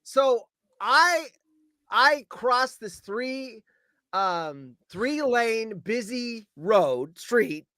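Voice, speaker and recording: High-voiced man telling a lively story. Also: drawn-out words, no room sound. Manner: acts out shouted quotes, swears. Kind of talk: animated storytelling.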